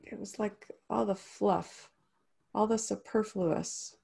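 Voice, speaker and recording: A woman's voice: medium pitch, fairly even intonation, slow pace, gravelly, dark tone, slightly rough. A woman in casual conversation, speaking thoughtfully and searching for her words. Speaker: conversation partner.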